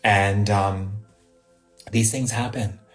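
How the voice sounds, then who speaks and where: A man's voice: on the low side, steady tone, slow. A man giving a live spiritual talk, telling personal stories with rhetorical questions and a frequent "right?". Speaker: spiritual teacher. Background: faint music.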